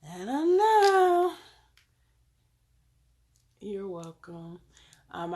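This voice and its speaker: Low gravelly-voiced woman live-streaming. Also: darkish tone. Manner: chatty, talks straight to viewers by name. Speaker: live-stream host selling crystals and readings. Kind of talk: casual live-stream demonstration.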